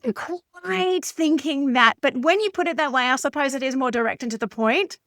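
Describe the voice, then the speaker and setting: A woman's voice: high voice, moderate pace, a bit bright, no echo, studio quality. A woman hosting a podcast, asking a guest loose, rambling questions in a casual chat. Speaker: podcast host. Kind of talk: casual conversational interviewing.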